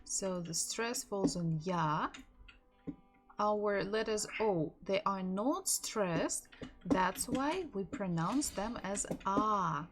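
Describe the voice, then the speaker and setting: A woman with a Russian accent teaching her native language in a live-streamed lesson, repeating words slowly for practice. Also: mid-range voice, lively intonation, slight background noise.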